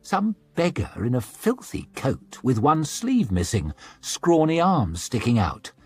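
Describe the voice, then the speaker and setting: A man narrating an audiobook with expressive reading, slipping into scornful character asides. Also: medium pitch, measured pace, husky, faint music behind. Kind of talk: scripted narration.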